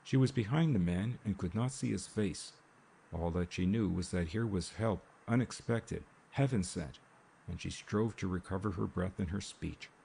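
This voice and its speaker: A man narrating a mystery novel in a measured, steady audiobook reading. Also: deep voice, gravelly, slight background noise. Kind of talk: scripted narration. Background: rain sounds.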